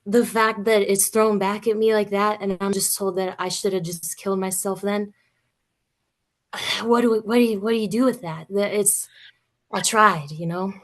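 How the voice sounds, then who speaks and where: A woman's voice: mid-range voice, steady tone, moderate pace. A young woman guest speaking candidly and emotionally in an interview, with some swearing.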